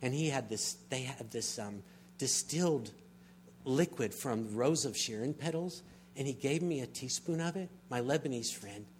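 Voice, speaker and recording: Middle-aged preacher telling stories. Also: male voice, medium pitch, animated, moderate pace, a little mellow, slight background noise. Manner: storytelling, builds to emphatic swells. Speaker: pastor. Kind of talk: sermon.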